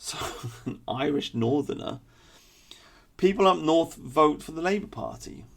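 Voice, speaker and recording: A man's voice: a little high, expressive, unhurried, vocal fry, a bit bright. A man delivering a blunt, opinionated political commentary monologue with sarcastic asides. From England.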